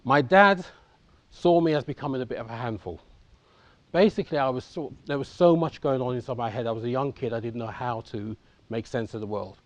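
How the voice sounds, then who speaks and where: Here the English conference speaker in his fifties recounts his life openly and casually, regularly addressing the listeners directly. He has a medium pitch and a slightly quick pace, captured in a dry recording.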